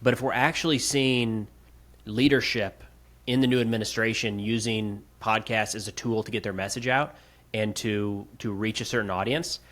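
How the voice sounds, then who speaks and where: A man's voice: fairly low pitch, fairly bright tone. A young man co-hosting a podcast, explaining his thinking in a thoughtful, casual way. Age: young adult. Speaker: podcast co-host.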